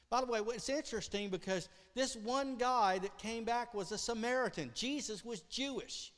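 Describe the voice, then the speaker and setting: A man preaching a sermon, telling a story with great animation, acting out voices and swinging between loud outbursts and hushed lines. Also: very high voice, moderate pace, hardly any pauses, big-room sound. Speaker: pastor.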